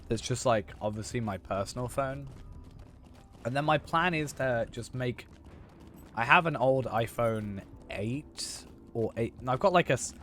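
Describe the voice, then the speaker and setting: A young man streaming a game, chatting casually in a rambling way full of fillers and restarts, a bit hoarse. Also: medium pitch, unhurried, a bit bright, a little hiss or hum. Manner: rambling, filler-heavy, self-correcting. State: hoarse after losing his voice. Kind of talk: casual chat while gaming.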